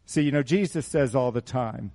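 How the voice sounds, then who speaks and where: A middle-aged man preaching a sermon in a small church, asking the congregation rhetorical questions in an animated way. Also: medium pitch, moderate pace, creaky. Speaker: pastor.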